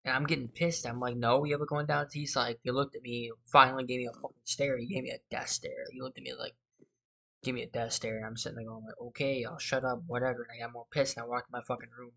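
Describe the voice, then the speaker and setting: A man's voice: mid-range voice, level tone, fast, creaky, bright, forceful tone. A man hosting a gaming channel, chatting casually and rambling through a story over his gameplay, losing his thread and swearing freely.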